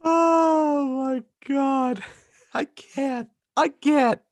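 A man's voice: very high voice, steady tone, drawn-out words, no room sound. A man co-hosting a fantasy football podcast, chatting casually and hamming up a folksy put-on Minnesota accent. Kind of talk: casual chat.

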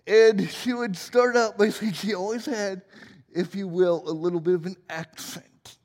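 A man's voice: high voice, steady tone, unhurried, a little mellow, long reverb tail. A man in his forties preaching a sermon as pastor, playful and joking at his own expense. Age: 40s. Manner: playful, self-deprecating humor.

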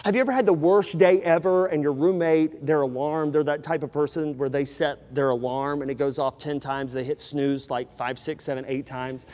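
Male preacher, high voice, emphatic sermon delivery, recorded in a big hall with a long echo tail. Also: fairly even intonation, moderate pace, hardly any pauses. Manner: emphatic, swings from loud preaching to hushed asides.

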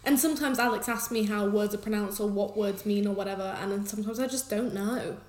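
A chatty English woman co-hosting a podcast, talking fast and laughing often. Her voice sits at an ordinary middle pitch. The room gives it a noticeable echo. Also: a little mellow. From England. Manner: chatty and quick, laughs easily. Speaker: podcast co-host. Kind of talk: casual chat.

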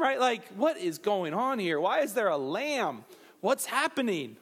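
A man with a notably high voice delivers a sermon as a pastor. He talks in an animated, conversational way, mixing scripture with playful asides to his listeners. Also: a little slow, breathy edge. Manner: animated, jokey asides to the crowd.

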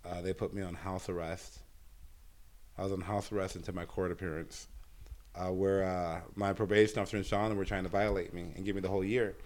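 A man, a stand-up comedian telling a long story in a casual interview, swearing often and filling pauses with "uh.". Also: sits low, flat delivery, a little mellow. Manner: profane, rambling storyteller with many fillers.

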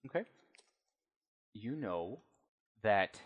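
A man's voice: lowish voice, animated, very slow, husky, highs cut off. A man narrating as game master of a tabletop role-playing game, telling the scene in a loose, conversational way.

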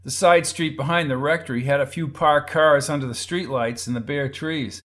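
A man with a somewhat high voice narrates a crime story at a steady, measured pace. For the characters' lines he changes his pitch and loudness, so each one sounds a little different. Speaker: audiobook narrator.

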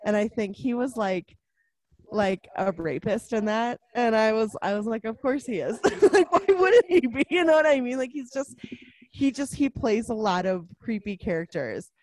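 A woman in casual conversation about a film, animated, laughing often and acting out characters' lines. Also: on the high side, moderate pace, no room sound. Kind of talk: casual movie discussion.

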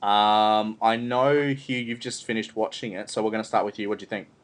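A man with a fairly low, steady voice speaks briskly as he hosts a casual film review podcast, rambling with plenty of fillers and restarts.

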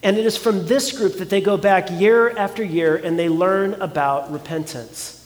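High-voiced pastor preaching in a hall. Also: male voice, fairly even intonation, moderate pace. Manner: earnest, conversational preaching with rhetorical questions. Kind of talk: sermon.

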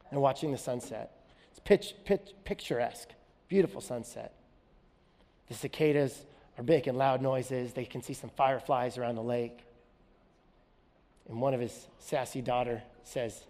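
A man's voice: a little high, moderate pace, a little mellow. A man, a pastor, preaching a sermon in a church, telling a story and then leading an earnest prayer. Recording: church hall reverb, faint music.

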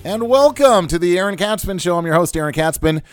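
A man's voice: high voice, expressive, a little fast, soft background music. A man hosting a financial radio show, ranting with jokes and fired-up emphasis. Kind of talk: comic talk-radio rant. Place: radio studio.

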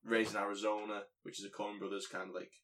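A man's voice: on the low side, flat delivery, a bit bright. A man co-hosting a podcast, chatting casually with jokes and rambling asides. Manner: joking, rambling, quick asides. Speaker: podcast co-host. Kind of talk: casual chat.

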